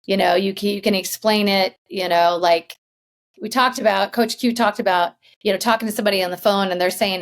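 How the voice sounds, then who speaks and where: A woman hosting a podcast, telling a story in a chatty, animated way and laughing as she goes. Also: medium pitch, brisk. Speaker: podcast host. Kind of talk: casual storytelling.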